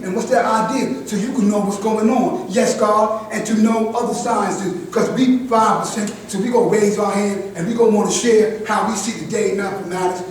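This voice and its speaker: An older man with a high voice lectures a group, preachy and full of restarts. He is heard from a distance in a very echoey room, with faint noise behind him. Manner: preachy, repeats "God" as address, restarts often. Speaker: speaker at a community gathering. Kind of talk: impassioned address to a group.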